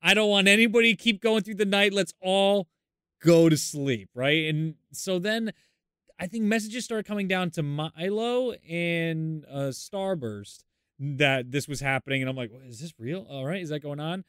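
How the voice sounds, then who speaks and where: A high, bright young man tells a story on a podcast in a lively, animated way, throwing his voice up when he acts out what other people said. His mic is close and the sound is dry. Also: normal speed, clean tone, no room sound. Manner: animated, acts out quotes with jumps in pitch. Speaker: podcast co-host. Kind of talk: casual chat, storytelling.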